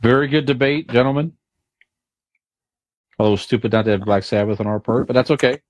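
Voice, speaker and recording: A man co-hosting a podcast, talking politely in halting, repetitive casual banter. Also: mid-range voice, darkish tone, dry recording, poor audio. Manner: halting, repeats himself, polite. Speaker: podcast co-host.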